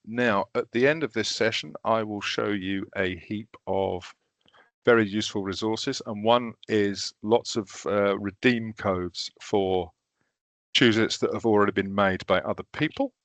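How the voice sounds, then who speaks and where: A man leading a recorded training session, walking through teaching software step by step in a casual, self-deprecating way. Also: on the low side, steady tone, measured pace, dry recording.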